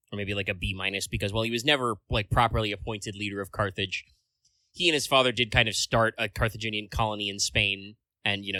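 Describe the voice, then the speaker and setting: A man's voice: on the low side, pushed and bright, dry recording. A man co-hosting a casual podcast chat, rambling along with lots of filler words and casual swearing. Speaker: podcast co-host.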